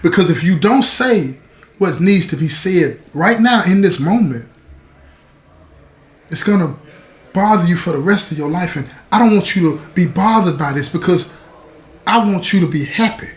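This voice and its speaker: A woman's voice: lowish voice, lively intonation, normal speed, natural voice. A man voicing a loving, firm mother who soothes her daughter while teaching her a lesson. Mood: tender. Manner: soothing yet instructive. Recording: roomy echo.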